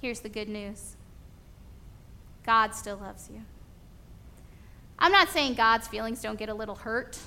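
A woman preacher giving a sermon in an animated storytelling manner, acting out bits of dialogue. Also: a little high, a little slow, long pauses, clear, resonant tone.

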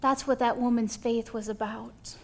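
A woman delivers a relaxed, conversational sermon, her voice sitting a little on the high side. She keeps it folksy and animated, slipping into little acted-out exchanges as she makes her points. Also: moderate pace, gravelly. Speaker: preacher.

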